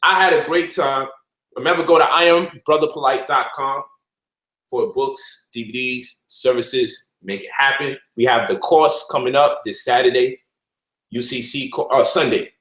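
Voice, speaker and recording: A man hosting a casual livestream, lecturing and mocking by turns in an animated way. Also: medium pitch, moderate pace, reverberant, poor audio. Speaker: host.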